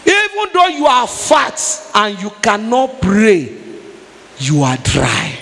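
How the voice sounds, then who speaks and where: A woman's voice: medium pitch, sing-song, slow pace, vocal fry, a bit bright, a little hiss or hum. Nigerian woman evangelist, emphatic fervent sermon, long hall reverb. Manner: emphatic preaching, rising to fervent prayer.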